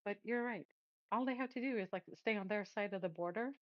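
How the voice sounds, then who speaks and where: A woman's voice: medium pitch, fast talker, dry recording. A woman from Sweden, chatting casually and mocking the news with a giggle, heard over a dull lo-fi call. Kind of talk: casual geopolitical chat.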